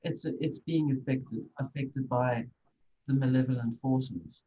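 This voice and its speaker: Podcast host thinking out loud, speculative, mid pitch, bit of hiss. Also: fairly even intonation, a little slow, lo-fi sound. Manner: musing, speculative, thinks aloud. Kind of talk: podcast interview.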